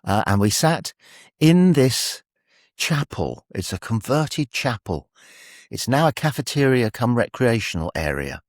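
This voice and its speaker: A man's voice: mid-range voice, sing-song, unhurried, no echo, studio quality. A man hosting, telling a rambling anecdote with wry humour and frequent chuckles. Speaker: radio host. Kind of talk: anecdotal monologue.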